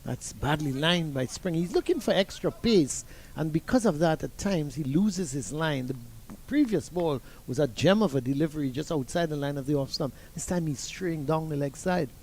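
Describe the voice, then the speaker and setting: Older trini guy on cricket commentary, gravelly, kinda high voice, rambles through stories. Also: expressive, normal speed, a little mellow. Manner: rambling anecdotes with many restarts.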